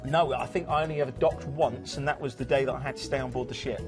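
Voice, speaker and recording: A man's voice: mid-range voice, fairly even intonation, quick pace. A man from Southwest England with a Southwest English accent, presenting cruises in chatty, jokey live TV sales patter. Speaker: TV shopping channel cruise presenter. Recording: music bed under the voice.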